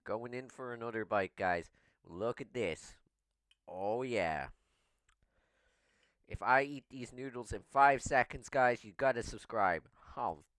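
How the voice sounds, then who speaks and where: Male mukbang host, unhurried delivery, smooth clear tone, dry close sound, chatty between bites. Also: mid-range voice, a bit bright, no echo. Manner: talks while chewing, slow and playful, begs for subscribers. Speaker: mukbang vlogger. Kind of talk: casual eating vlog.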